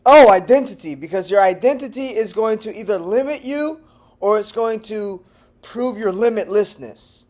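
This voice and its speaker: A man from Texas talks straight to camera in a loose, tangent-prone monologue. His voice sits a bit high for a man and climbs and drops all over the place, flipping from loud bursts to quiet asides. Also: moderate pace. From Texas, United States. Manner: animated and digressive, swings between loud bursts and low murmurs, laughs often. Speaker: language-learning vlogger. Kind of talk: casual talking-head monologue.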